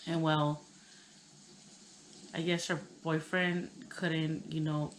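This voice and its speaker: A woman in her thirties telling a personal story on her channel, tearful and halting, with many pauses and fillers. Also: low voice, little pitch movement, a little hiss or hum, low-quality recording. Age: 30s. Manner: hesitant, halting, full of "you know". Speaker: vlogger.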